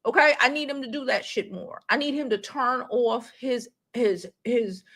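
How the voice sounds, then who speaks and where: A woman with a Brooklyn accent hosting a casual live-stream chat, talking in an animated, blunt way and swearing freely. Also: fairly high pitch, normal speed. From New York City. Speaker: vlog host.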